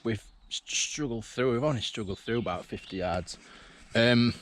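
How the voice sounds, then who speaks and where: A man's voice: medium pitch, moderate pace. A man vlogging while he walks an old railway line outdoors, chatting casually and thinking aloud with restarts. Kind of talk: casual walking commentary. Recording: faint outdoor background noise.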